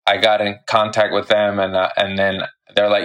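A young adult man, a stand-up comic guesting on a podcast, telling a story casually with lots of swearing and animated delivery. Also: lowish voice, moderate pace.

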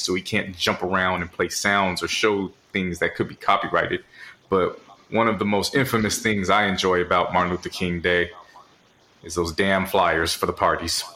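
A man co-hosting a casual comedy podcast, talking in an unhurried way with pauses and hesitations. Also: low-pitched, bright, forceful tone. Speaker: podcast co-host.

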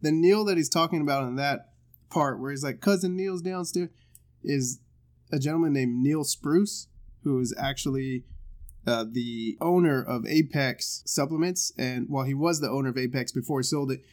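A man's voice: medium pitch, normal speed, darkish tone. A man hosting a casual reaction video, talking loosely and profanely and laughing often.

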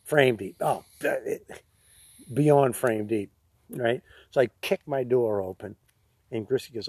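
A man's voice: mid-range voice, a little slow, darkish tone, husky, no room sound. A man, co-hosting a podcast, telling rambling stories and laughing at his own jokes. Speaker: podcast co-host. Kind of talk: casual storytelling chat.

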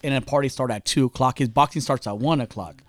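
A man in his thirties, a podcast co-host, telling stories about his son in heated, profane casual chat. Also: mid-range voice. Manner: fast-talking, profane, heated.

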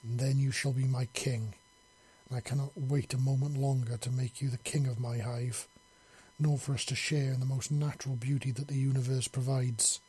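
A man's voice: medium pitch, little pitch movement, moderate pace, mellow, husky, natural voice. A man voicing a powerful female alien hive queen, speaking in an intense, pleading way. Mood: tender.

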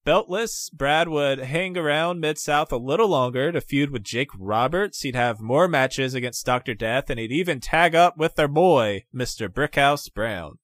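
A man co-hosting a podcast, recapping wrestling history in a steady voice. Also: medium pitch, unhurried, few pauses, no echo. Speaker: podcast co-host and narrator. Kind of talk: casual chat and read narration.

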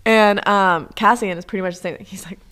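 A young woman co-hosting a podcast, gushing as she retells book scenes in casual chat, swinging from hushed to loud, with lots of fillers. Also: mid-range voice, steady tone, fairly quick. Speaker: podcast co-host.

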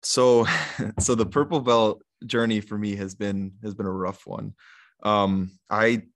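A young man with a fairly low voice, chatting as a guest on a podcast. He tells his story loosely, with plenty of likes and ums, and acts out what people said to him. His tone stays easygoing and conversational. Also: unhurried. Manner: relaxed, rambling, many fillers and retold quotes. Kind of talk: casual storytelling in an interview.

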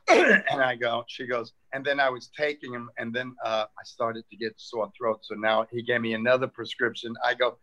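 An older man, a comedian telling stories in lively chat and acting out the people in them. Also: a little high, normal speed. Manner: animated, acts out people in funny voices. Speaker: comedian guest. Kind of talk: storytelling comic chat.

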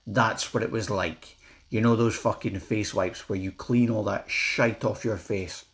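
An angry Scottish man tears into a comedy special, swearing constantly and ranting with animated, rising bursts. His voice sits fairly low for a man. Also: a little slow. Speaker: vlogger reviewing a comedy special. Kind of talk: ranting review.

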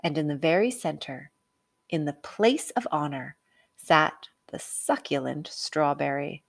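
Female narrator for a picture book read-aloud; lowish voice, animated and slow. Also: vocal fry, no echo. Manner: expressive, unhurried, dramatic. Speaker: storyteller.

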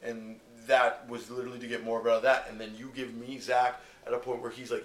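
A man's voice: mid-range voice, flat delivery, a little fast, fairly bright tone. A young Canadian man co-hosting a podcast, chatty and full of fillers like "you know what I mean". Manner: chatty, filler-heavy, laughs often. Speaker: podcast co-host. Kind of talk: casual podcast chat. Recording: roomy echo, faint noise.

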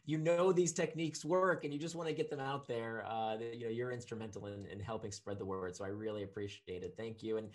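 A man, an author being interviewed on a podcast, talking with lots of laughter and quick restarts when he gets excited. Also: lowish voice. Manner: warm, laughs easily, repeats words when excited. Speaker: author guest.

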